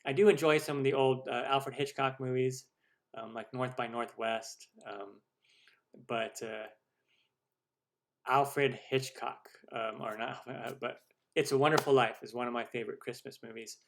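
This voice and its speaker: A man's voice: mid-range voice, fairly even intonation, moderate pace, gravelly. A man in his forties, a cooking show host, chatting casually in a live Q&A, rambling with many fillers and self-deprecating jokes. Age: 40s. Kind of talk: live stream Q&A chat.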